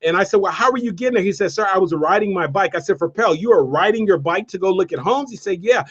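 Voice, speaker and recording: High-voiced energetic motivational speaker man. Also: quick pace, slightly rough, highs cut off. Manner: energetic, repetitive preacher-like cadence. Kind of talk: motivational storytelling talk.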